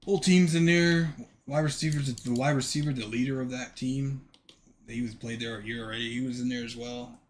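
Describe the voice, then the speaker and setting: A man's voice: mid-range voice, fairly even intonation, a little fast, a little hiss or hum. A man streaming a game, telling a story casually and animatedly, swearing freely and acting out the dialogue.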